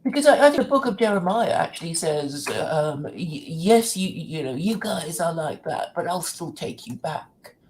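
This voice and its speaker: A woman's voice: lowish voice, expressive, normal speed, few pauses, darkish tone. A woman talks in a casual conversation, starting and restarting her sentences as she hesitantly works out her point. A faint hum of background noise sits under her voice. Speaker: conversation partner.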